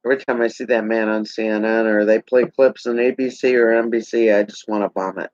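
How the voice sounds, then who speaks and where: A man's voice: lowish voice, steady tone, fairly quick, darkish tone, no echo. A man ranting sarcastically to a camera, heated and rambling. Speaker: vlogger. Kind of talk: political rant to camera. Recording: dull lo-fi sound.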